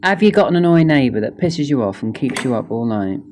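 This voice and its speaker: A woman's voice: extremely low pitch, lively intonation, fairly quick, darkish tone, soft background music. A woman vlogging at home about her doors, theatrical and sweary, calling viewers darling. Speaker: vlogger demonstrating door closers. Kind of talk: casual vlog commentary. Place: indoors at home.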